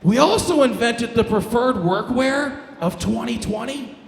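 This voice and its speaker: Slightly hoarse canadian guy doing crude stand-up, gravelly, big echoey club room. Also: extremely high pitch, unhurried. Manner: brash, crude, loud punchlines. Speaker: stand-up comedian. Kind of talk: stand-up comedy set. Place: comedy stage in a club.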